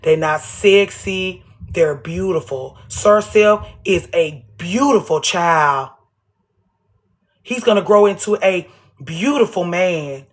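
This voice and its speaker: A woman's voice: on the low side, slow. A woman hosting a casual livestream from home, talking bluntly and with lots of profanity, hammering her points with repetition. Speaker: livestream host. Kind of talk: casual unscripted livestream monologue.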